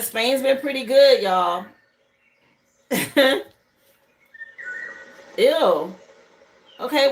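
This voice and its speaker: A high-pitched woman hosts a live tarot stream from home. She talks loosely and chattily, greeting viewers by name and musing aloud over each card. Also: slight background noise, rough recording. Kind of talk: casual live tarot reading. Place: home livestream setup, burning incense.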